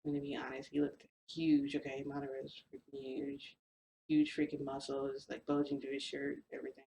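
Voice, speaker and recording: A woman's voice: rumbling low, completely flat delivery, brisk, vocal fry, mellow, a little hiss or hum. Chatty woman in an echoey room. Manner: chatty, rambling, lots of "like" and "freaking". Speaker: vlogger recounting a shifting experience. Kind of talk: casual storytelling to viewers. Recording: roomy echo with faint ambience.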